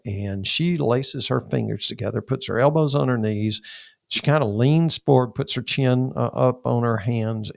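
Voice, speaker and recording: Older pastor, gravelly voice, vivid storyteller who voices the other people, dry close mic. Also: male voice, medium pitch, no echo. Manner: animated storyteller who acts out dialogue. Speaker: pastor and podcast guest. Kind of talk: personal storytelling in an interview.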